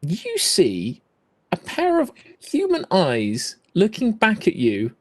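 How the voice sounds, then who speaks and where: A man's voice: sits high, wildly swooping pitch, slow. A man narrating a tabletop game as game master, hesitant with many fillers.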